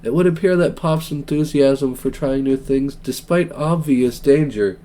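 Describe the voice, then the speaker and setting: A young man streaming a dating game, reading it aloud with excitable, joking reactions. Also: mid-range voice, a little slow.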